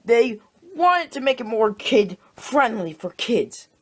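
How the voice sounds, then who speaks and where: Slow, exasperated high-voiced film ranter. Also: female voice, big pitch swings. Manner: exasperated, repetitive ranting. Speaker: video reviewer. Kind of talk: ranting movie review.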